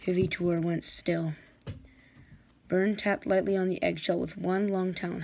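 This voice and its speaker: Gravelly woman reading a story aloud. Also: lowish voice, little pitch movement, measured pace, a little mellow. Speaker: story reader. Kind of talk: reading a fantasy novel aloud.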